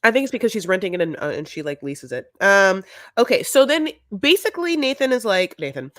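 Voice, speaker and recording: A woman's voice: mid-range voice, big pitch swings, a little fast, fairly bright tone, no echo, studio quality. A woman co-hosting a podcast, recapping a reality show in casual, chatty talk full of "like" and "honey". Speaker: podcast co-host.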